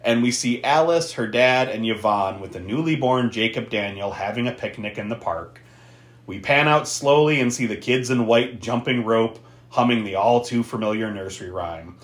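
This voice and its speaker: Here a man with a medium-pitched voice talks at a moderate pace, hosting a podcast and casually recapping a film. He swears and laughs often, and the room he's in is echoey.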